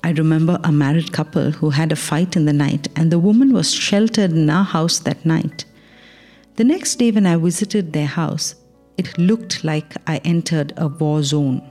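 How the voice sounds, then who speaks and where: A woman reading a Christian devotional in a calm, measured, earnest way, ending in a prayer. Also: low voice, faint music behind. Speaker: devotional reader. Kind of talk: read devotional.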